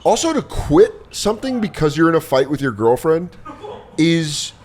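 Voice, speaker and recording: A man in his thirties hosting a comedy podcast, riffing loosely with a friend. His pitch swings up and down as he jokes. He slips into silly voices for quoted lines and swears often. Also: sing-song, moderate pace, darkish tone. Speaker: podcast host. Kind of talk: casual comedic chat.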